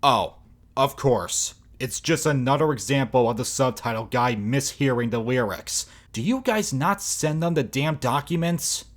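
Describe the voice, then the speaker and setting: A man's voice: mid-range voice, expressive, a little slow, a little hiss or hum. A man reviewing video clips in mocking, exasperated commentary, swearing often. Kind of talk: sarcastic commentary over clips.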